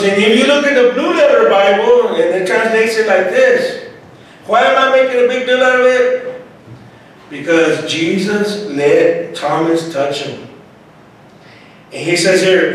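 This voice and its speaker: A man's voice: sits high, measured pace. A man teaching a Bible passage in a loose sermon style, often slipping in words and calling his listeners brother and sir. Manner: mixes Spanish into English, repeats "hermano, Señor". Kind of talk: informal Bible study preaching. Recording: very echoey room, distant mic.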